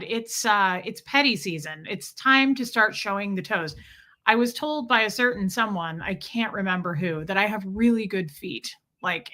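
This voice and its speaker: A woman hosts a relaxed livestream and greets each viewer by name as the comments roll in. Her voice is bright and clear, and her talk is chatty and playful, full of small jokes. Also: medium pitch. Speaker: livestream host greeting chat. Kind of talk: casual livestream chat.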